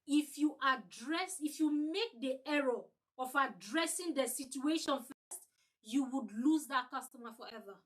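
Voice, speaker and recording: A woman's voice: high-pitched, lively intonation, a little slow, poor audio. A woman leading an online customer-service training, emphatic, repeating her points and acting out sample lines.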